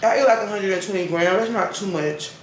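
A woman's voice: medium pitch, a little fast, a little hiss or hum. A woman, chatting casually and drawling asides while reading scripture aloud at home. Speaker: lifestyle vlogger. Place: at home, indoors. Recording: roomy echo.

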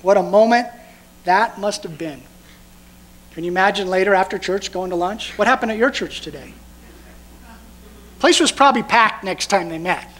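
A male pastor with a notably high voice, preaching a sermon. He talks conversationally but with emphasis, and keeps firing rhetorical questions at the congregation. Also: fairly bright tone, rough recording.

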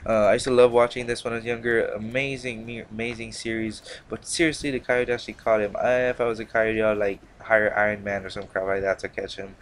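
A man's voice: lowish voice, flat delivery, a little fast, few pauses, slight background noise. A young man hosting a gaming channel, rambling in casual, slangy commentary full of fillers and restarts. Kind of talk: casual commentary over gameplay.

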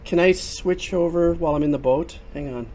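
An older man giving chatty, excitable live commentary while playing a game, talking into a headset. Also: fairly high pitch, normal speed, slight background noise. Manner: chatty, excitable, exclaims often. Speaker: streamer and composer. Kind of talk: casual livestream commentary.

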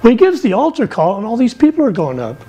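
A middle-aged man giving a lively sermon from the pulpit, telling stories with big swings in his voice. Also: quick pace, husky, low-quality recording. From England. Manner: animated, storytelling with wide swings in pitch. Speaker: missionary speaker.

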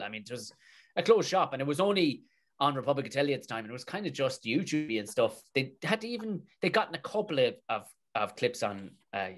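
Irish man, Tipperary accent, comedian guest; animated, sweary storyteller. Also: mid-range voice. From Tipperary, Ireland. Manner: animated, swears freely, colloquial. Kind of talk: casual storytelling in a podcast interview.

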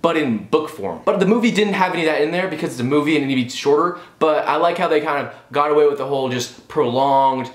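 A man's voice: fairly high pitch, animated, quick pace, hardly any pauses. A young man giving a sarcastic, profane movie review rant on his vlog. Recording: roomy echo.

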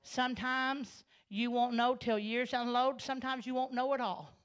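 A woman from Arkansas, telling her life story as a church sermon, storytelling that swells into loud, passionate preaching. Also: on the high side, steady tone, normal speed, clear, resonant tone. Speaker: guest speaker giving testimony. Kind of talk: Pentecostal sermon testimony. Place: church sanctuary.

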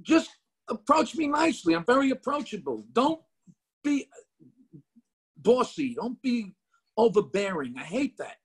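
Blunt, high-voiced New Jersey man. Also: sing-song, measured pace, long pauses, slightly rough. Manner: blunt, profane, emphatic. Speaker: comedian guest. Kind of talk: casual interview chat.

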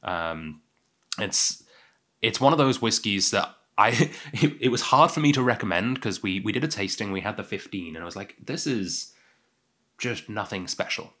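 A man's voice: on the low side, animated, moderate pace, fairly bright tone. A young man with an English accent hosting a casual whisky tasting, chatty and self-deprecating with many fillers. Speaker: whisky podcast host.

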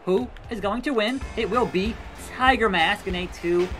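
A man's voice: sits high, normal speed, a bit bright. A man giving casual gameplay commentary, calling a wrestling match in a mock play-by-play style with sarcastic asides. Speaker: gaming YouTuber. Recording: faint music behind.

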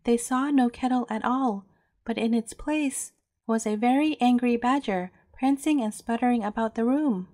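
A woman storyteller reading a bedtime fairy tale aloud in a gentle, measured way. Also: a little high, dry recording, studio quality.

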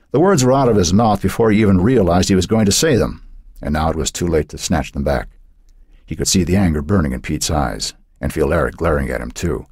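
A man narrating an audiobook with expressive storytelling. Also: low-pitched, fairly quick, husky, no echo, studio quality. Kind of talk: scripted narration.

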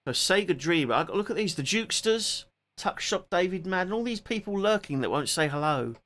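A man with a Cockney accent hosts a laid-back live stream from home, sitting down rather than performing. His voice has a crisp, bright edge. He talks loosely and chattily, trailing off and picking up again as he thanks viewers one after another. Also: high voice, expressive, normal speed. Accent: Cockney English. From England. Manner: chatty, rambling, greets and thanks viewers by name. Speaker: music streamer. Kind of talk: casual live-stream chat.

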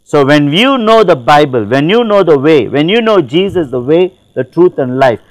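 A man's voice: on the high side, animated, normal speed, no echo, rough recording. A man who is a pastor, giving emphatic testimony in an interview, repeating phrases and quoting scripture.

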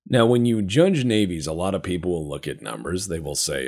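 A man with a deep, slightly husky voice talks over a strategy game. He jokes, swears and rambles off on tangents, and his pitch swings widely as he goes. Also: animated, fairly quick, few pauses, a little mellow. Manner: joking, profane, rambling asides. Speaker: gameplay commentator. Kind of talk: let's-play commentary.

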